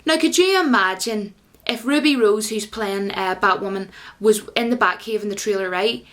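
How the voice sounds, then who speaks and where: A woman's voice: medium pitch, moderate pace, fairly bright tone. A woman talking casually into her vlog, rambling and firing rhetorical questions at viewers she calls guys. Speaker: YouTuber.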